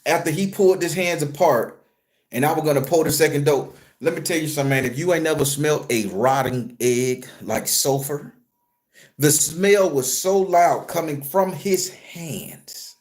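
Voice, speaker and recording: Animated man telling a story, voice on the higher side. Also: moderate pace. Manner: animated, profane, conversational storytelling. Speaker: spiritual reader and tarot reader. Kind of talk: storytelling vlog.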